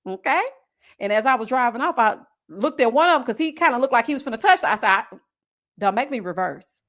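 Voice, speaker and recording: A woman from Houston, hosting a livestream and telling stories in animated, slangy casual chat while reading super chats. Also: fairly high pitch, fast talker. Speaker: livestream host.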